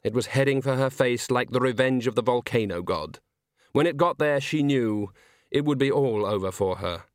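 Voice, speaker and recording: Measured and expressive, a man with a mid-range voice reads scripted narration for an audiobook. The recording is dry and of studio quality.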